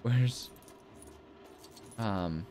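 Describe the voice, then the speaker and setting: A young man commenting casually while playing a video game, rambling and easily amused, often breaking into high-pitched laughter. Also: extremely slow, warm tone. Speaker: gaming video host. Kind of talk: casual let's-play commentary.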